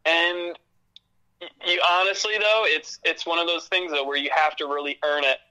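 A man's voice: on the high side, fairly even intonation, moderate pace, bright, forceful tone, clean tone, poor audio. A man co-hosting a podcast, chatting casually about a TV series in a laid-back, profane way with lots of fillers. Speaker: podcast co-host. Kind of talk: casual film review chat.

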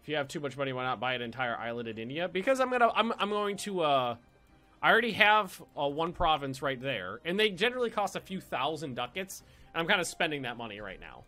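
A man's voice: fairly high pitch, big pitch swings, fast talker, pushed and bright, faint music behind. A man casually commenting as he plays a strategy game on stream, chatty and playful, swearing and repeating himself as he thinks. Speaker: let's play streamer.

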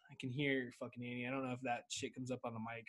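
A man hosts his podcast from home in a rambling, laid-back stoner monologue, swearing constantly. His medium-pitched voice barely moves in pitch, has a fairly bright tone, and he talks fast.

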